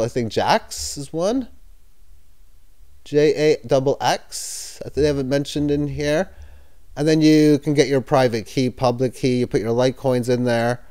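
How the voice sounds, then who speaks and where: A man's voice: medium pitch, darkish tone. A man giving casual, hesitant commentary on cryptocurrency news, skeptical and sometimes sarcastic. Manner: hesitant, with fillers and self-corrections. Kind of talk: casual screen-share commentary.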